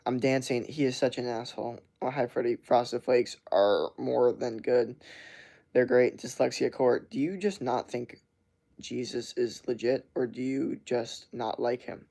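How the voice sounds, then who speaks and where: A man's voice: medium pitch, little pitch movement, unhurried, creaky, dark tone. A young man streaming live, chatting loosely and swearing as he reads and answers chat messages. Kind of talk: casual live-stream chat reading comments.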